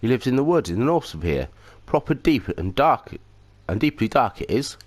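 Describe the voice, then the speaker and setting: A man's voice: medium pitch, very animated, moderate pace, a little hiss or hum, voice pushed up, lightly acted. A man reading aloud the lines of a chatty male fairy sidekick, half-heartedly and without an accent. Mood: cheeky. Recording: game music underneath.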